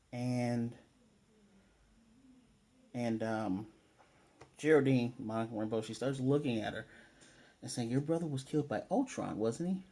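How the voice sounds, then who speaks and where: A man reviewing a TV episode in a casual spoiler recap, rambling with lots of fillers and self-corrections and getting animated over his theories. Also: mid-range voice.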